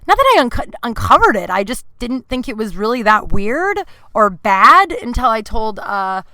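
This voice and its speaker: A woman hosts her own podcast and talks through a personal story, her voice teary at times. She is bright and crisp, and her speech is full of "like" fillers. The sound is close and dry, recorded in a closet. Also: on the high side, sing-song, moderate pace, no echo. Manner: emotional, tearful, many "like" fillers. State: crying at times. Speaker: podcast host. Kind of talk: personal confessional monologue. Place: closet at home.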